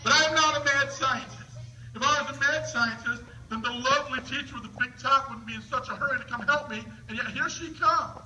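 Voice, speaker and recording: A man's voice: very high-pitched, brisk, sharp tone, far from the mic, a little hiss or hum. A man from the northern United States presenting a comedic science show for schoolchildren, playful and teasing like a showman. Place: school auditorium with a live audience. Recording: echoey hall recording.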